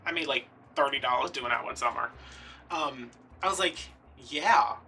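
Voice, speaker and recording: Chatty man with a bright voice. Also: medium pitch, fairly quick, creaky, distant mic, a little hiss or hum. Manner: chatty, rambling and playfully dramatic. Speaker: craft video host. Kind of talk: casual storytelling while crafting.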